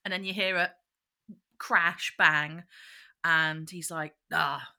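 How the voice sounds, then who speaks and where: A woman's voice: fairly low pitch, fairly even intonation, takes it slowly, bright, forceful tone, clear, resonant tone. A woman, co-hosting a podcast and chatting casually as she retells a children's show, breaking into quoted voices. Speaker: podcast co-host.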